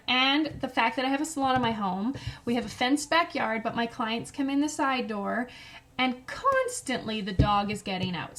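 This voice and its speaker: A woman's voice: on the high side, a bit bright, a little hiss or hum. A woman in her thirties, a mother and salon owner, telling casual stories with lots of fillers. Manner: chatty, lots of "like" and "you know". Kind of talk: casual storytelling vlog.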